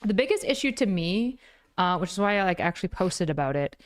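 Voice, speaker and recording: A woman's voice: lowish voice, sing-song, brisk. A woman talking casually in a commentary video, chatty and full of filler likes.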